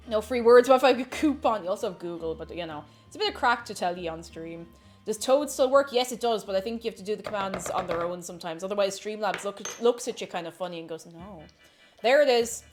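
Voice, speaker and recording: An Irish woman with a fairly high-pitched voice livestreams from her home kitchen as she bakes. She chats casually, reads viewers' messages aloud and greets each one excitedly.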